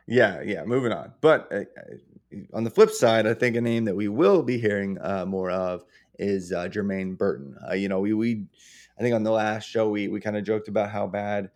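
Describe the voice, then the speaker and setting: A man's voice: lowish voice, normal speed, darkish tone. A man co-hosting a sports podcast, analyzing players in a casual, hesitant way full of uhs and restarts. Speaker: podcast co-host.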